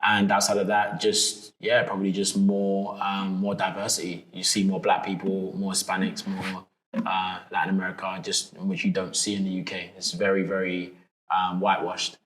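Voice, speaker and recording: A man's voice: sits low, moderate pace. A young man from London with a London accent, chatting casually as an interview guest, with lots of fillers and restarts. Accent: London English. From London, England. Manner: relaxed, many fillers and restarts. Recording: echoey room.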